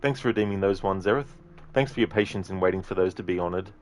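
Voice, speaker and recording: Man, game streamer, casual, rambling, reads chat, lower voice. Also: fast, a little hiss or hum.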